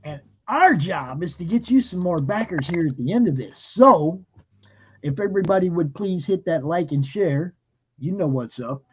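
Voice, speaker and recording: A man hosting a live talk show, energetic and promotional, often laughing. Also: on the high side, moderate pace, a little hiss or hum. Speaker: host. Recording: lo-fi live stream audio.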